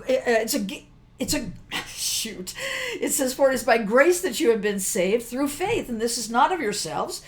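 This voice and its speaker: An older woman giving a casual devotional teaching, chatty and emphatic, often breaking off mid-phrase to restart. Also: fairly high pitch. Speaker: worship teacher.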